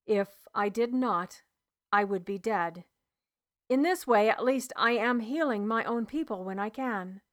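A woman's voice: on the high side, unhurried, a bit bright. A woman voicing a weary male tribal healer who speaks in an earnest, grave manner in an audiobook reading.

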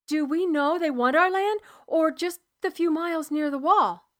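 A woman's voice: very high voice, normal speed, voice pushed up. A woman voicing a cautious clansman who questions the rumors. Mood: doubtful. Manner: questioning, doubtful.

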